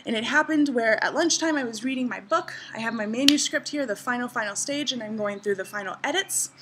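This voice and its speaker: A woman's voice: on the high side, a little fast, noisy background. A woman in her thirties vlogging to camera outdoors in a garden, telling a travel story with bubbly enthusiasm. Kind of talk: casual vlog to camera.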